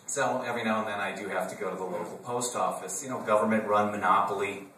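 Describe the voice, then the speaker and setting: A man's voice: fairly low pitch, fairly even intonation, fast talker, sharp tone, slight background noise. A man from Wisconsin giving a humorous political talk to a live audience, conversational and full of joking asides. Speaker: conference speaker. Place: conference room with an audience. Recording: roomy hall from a distance.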